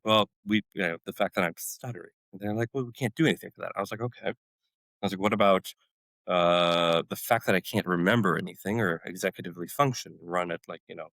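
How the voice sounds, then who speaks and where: Male guest, 40s, ex-military medic, low-pitched, dry close mic, animated storyteller. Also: no room sound, rough recording. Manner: animated storyteller, acts out his own past outbursts. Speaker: podcast guest, former special forces medic. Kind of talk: storytelling interview.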